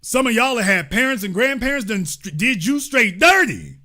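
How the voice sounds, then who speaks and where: Man, high voice, swooping pitch, profane comedic rant, acts out quoted voices. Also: moderate pace. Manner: profane, animated, keeps acting out quoted voices. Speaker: political commentary host.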